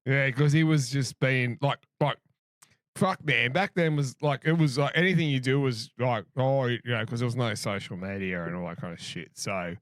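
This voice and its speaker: A man's voice: medium pitch, moderate pace, no echo, studio quality. A man co-hosting a podcast, blokey and sweary in casual chat. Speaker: podcast co-host.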